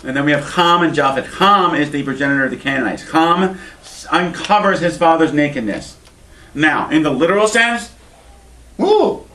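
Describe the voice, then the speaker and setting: A rabbi in a synagogue classroom gives a loose Bible lecture with wry jokes, his voice a touch high for a man. He is picked up from across an echoey room by a distant mic. A faint hiss runs underneath. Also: brisk. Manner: lively, wry asides and joking. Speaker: rabbi teaching an adult class.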